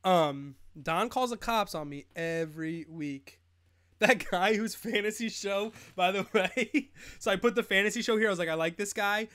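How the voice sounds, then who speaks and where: A man's voice: high-pitched, normal speed, a bit bright, smooth. A young man in his twenties hosting a live fantasy football stream, rambling and joking in casual chat, laughing often. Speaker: host.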